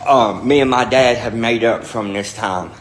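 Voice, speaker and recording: A man's voice: mid-range voice, normal speed. A young man telling a story in a blunt, profane, rambling way, repeating fillers. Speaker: storyteller recounting his past. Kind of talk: casual storytelling to camera.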